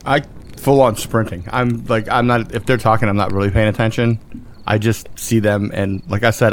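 Man, tabletop player, lowish voice, faint hiss behind, eager and rambling. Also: steady tone, moderate pace. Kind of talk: in-character tabletop play.

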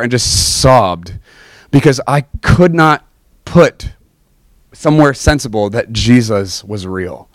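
A man's voice: no echo, clean studio sound. Earnest man preaching a personal testimony. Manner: earnest, emotional storytelling with big pitch swings.

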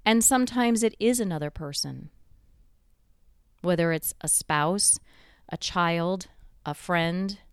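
A woman giving a reflective motivational talk, slowing down to stress key points and building them through repeated phrases. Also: lowish voice, clear, resonant tone, no echo, clean studio sound. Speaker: motivational speaker.

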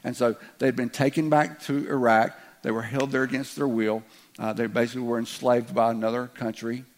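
A man's voice: mid-range voice, flat delivery, brisk. A man with a Southern US accent, a pastor leading prayer and preaching a sermon to a church congregation in a folksy, joking way. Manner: folksy and joking, speeds up when reading scripture. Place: church sanctuary.

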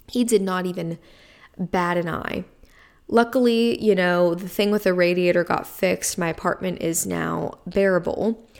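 A woman hosting a solo podcast in casual chat, excitable and chatty with lots of fillers. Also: mid-range voice, creaky. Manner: chatty and excitable, many fillers like "like" and "you know". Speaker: podcast host.

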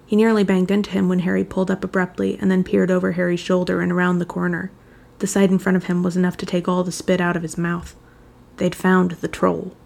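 Gravelly low-voiced woman reading a story. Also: monotone, brisk, darkish tone. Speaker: narrator. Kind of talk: fan fiction audiobook reading.

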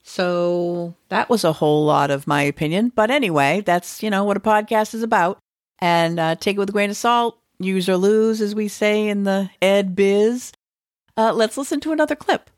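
A woman's voice: mid-range voice, normal speed, no echo, clean studio sound. A woman teacher hosting an educational podcast, talking in a conversational way and musing aloud with the odd filler.

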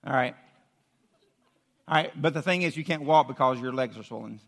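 A man preaching to a youth group, animated and pleading, acting out a story with a volunteer from the audience. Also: medium pitch, moderate pace, creaky. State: out of breath. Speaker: youth pastor. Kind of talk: sermon with audience demonstration. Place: church hall with audience.

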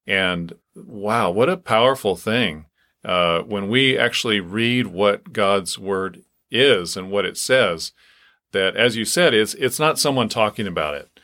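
A man co-hosting a faith podcast, speaking earnestly about scripture with halting restarts. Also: lowish voice, animated, bright, forceful tone. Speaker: podcast co-host. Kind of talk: casual Bible discussion.

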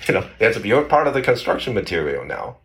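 A man's voice: on the low side, very animated, fast talker, vocal fry, fairly bright tone. A man casually telling a history story in conversation, rambling with many restarts. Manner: rambling, many restarts, acts out quoted voices. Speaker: guest explaining history.

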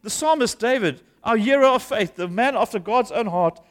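A man's voice: sits high, expressive, normal speed. A man, a pastor preaching an earnest, conversational sermon in a church. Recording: long hall reverb.

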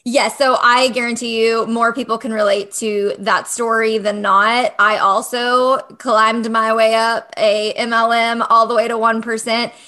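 A woman's voice: fairly high pitch, level tone, measured pace, hardly any pauses, bright, forceful tone. A woman hosting a podcast who also works as a coach, chatting casually and eagerly. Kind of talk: casual chat.

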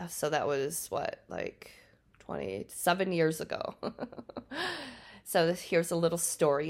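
A woman hosting a podcast and telling stories casually, laughing often and pausing on ums. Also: low-pitched. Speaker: podcast host. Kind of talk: casual storytelling.

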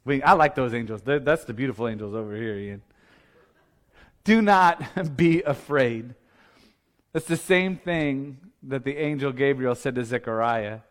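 A man's voice: mid-range voice, brisk, hardly any pauses. A man preaching a sermon as the church's pastor, talking in a casual, joking way and often laughing at his own remarks. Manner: conversational and playful, laughing often.

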